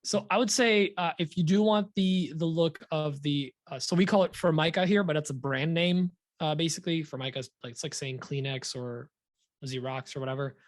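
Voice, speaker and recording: Relaxed man chatting on a woodworking podcast. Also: on the high side, moderate pace, dry recording, studio quality. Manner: relaxed, rambling, laughs easily. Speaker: podcast co-host. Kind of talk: casual chat.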